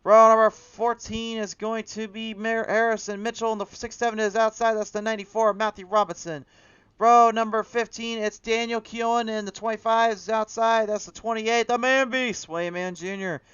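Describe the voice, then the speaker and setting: Male race commentator, fast hype delivery, bright and smooth. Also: high voice, flat delivery, no echo, muffled recording. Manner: rapid hype announcer reading a long lineup, self-correcting. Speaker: sim racing commentator.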